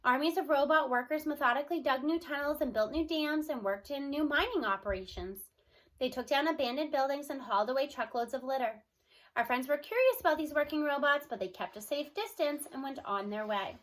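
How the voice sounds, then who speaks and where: A woman reading a children's novel aloud with expressive storytelling. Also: high-pitched, fairly quick. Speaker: reader. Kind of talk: children's book read-aloud.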